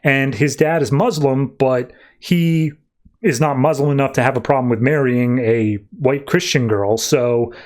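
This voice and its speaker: A podcast host walks through a comic book plot in a relaxed, casual way. He jumps in and out of the characters' lines as he tells the story, in a voice of middle pitch. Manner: retells scenes with quick quoted voices.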